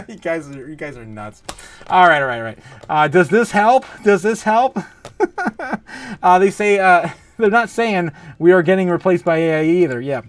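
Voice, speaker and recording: A man's voice: high-pitched, normal speed. A man hosting a casual livestream, reading viewer comments aloud and laughing often, close to a desk mic. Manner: giggly, laughs often, reads chat aloud. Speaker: livestream host.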